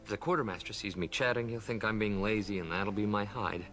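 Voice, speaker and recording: A man's voice: on the low side, quick pace, a bit bright, soft background music, close to an everyday voice. A man voicing a timid young male elf servant in a video game, nervous and stammering.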